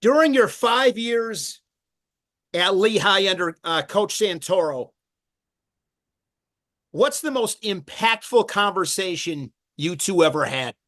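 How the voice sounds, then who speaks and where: A man hosting a podcast interview, asking long questions with enthusiasm and shifting between quick and drawn-out phrases. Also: sits high, animated, fairly bright tone. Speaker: podcast host and wrestling broadcaster.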